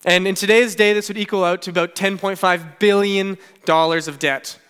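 Male pastor, earnest conversational sermon, clear resonant voice, long hall reverb. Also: sits high, steady tone, normal speed, a bit bright. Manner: earnest preaching with frequent "okay" asides and paraphrased storytelling.

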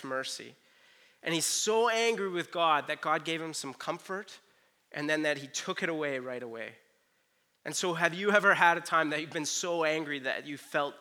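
A man preaching a conversational sermon. He retells a Bible story and acts out the characters' lines in quick asides. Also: fairly high pitch, pushed and bright. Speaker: pastor.

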